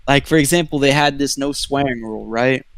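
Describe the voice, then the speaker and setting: A man's voice: medium pitch, a little fast, no echo. A young man telling a story in casual chat, laid-back and saying "bro" a lot.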